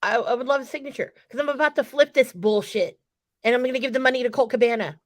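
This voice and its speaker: A woman's voice: a little high, quick pace. A woman in casual podcast chat, telling a story with profanity and acting out the quotes. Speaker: wrestling podcast co-host.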